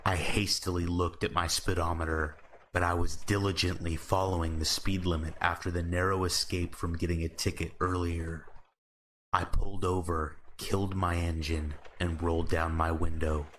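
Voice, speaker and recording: A man narrating horror stories in a slow, measured, calm scripted style. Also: deep voice, slight background noise.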